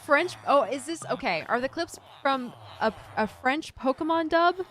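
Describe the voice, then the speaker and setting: A young adult woman streamer chatting casually with viewers while playing a game, animated and giggly. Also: high-pitched, normal speed. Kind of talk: casual gameplay chat with viewers.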